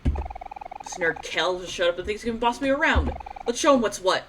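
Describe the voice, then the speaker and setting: A woman's voice: medium pitch, lively intonation, normal speed, noisy background, pitched above the performer's own voice, lightly acted. A woman voicing a scornful, tough teenage girl bully in a game, over game music. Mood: taunting.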